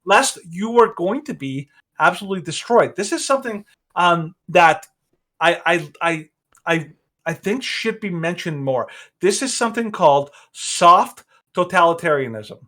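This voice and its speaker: A man's voice: high-pitched, lively intonation, unhurried, pushed and bright. A man co-hosting a podcast, giving opinionated casual commentary that rambles with many restarts. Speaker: podcast co-host.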